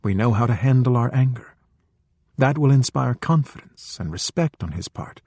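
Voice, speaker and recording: A middle-aged man narrates a spiritual audiobook in a gentle, measured manner. His voice is slightly husky and sits at an ordinary pitch. The studio recording is close and dry. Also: expressive, dry recording. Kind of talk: calm scripted narration of a spiritual book.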